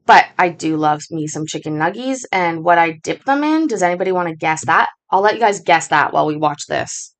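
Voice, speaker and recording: A woman's voice: lowish voice, animated, brisk, few pauses. A woman hosting a casual chat, telling rambling stories with lots of swearing. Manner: rambling, profane storytelling. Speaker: stream host reacting to clips.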